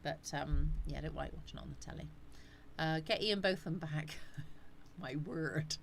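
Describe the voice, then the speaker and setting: A woman's voice: sits low, moderate pace, creaky, a little hiss or hum. A woman hosting a casual live chat, rambling and answering viewers' comments. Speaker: live stream host.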